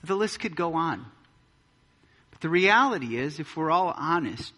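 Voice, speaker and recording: Bright-voiced preaching man in a hall. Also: a little high, animated, unhurried, long pauses. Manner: emphatic preaching with pointed rhetorical questions. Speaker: pastor. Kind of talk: sermon. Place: church sanctuary.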